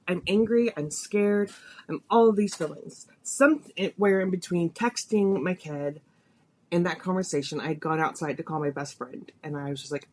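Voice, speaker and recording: A woman's voice: fairly low pitch, moderate pace, darkish tone. A woman hosting a podcast, telling a personal story in a confessional, emotional way, her voice rising and falling with feeling. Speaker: podcast host.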